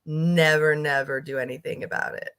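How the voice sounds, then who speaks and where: A woman's voice: deep voice, fairly even intonation, moderate pace, a bit bright, smooth. A woman hosting a casual reaction video, talking bluntly with profane asides.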